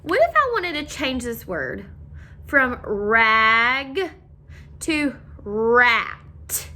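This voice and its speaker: A young woman teaching a phonics lesson to young children, asking coaxing questions in a slow, sing-song way. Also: a little high, very animated, sharp tone.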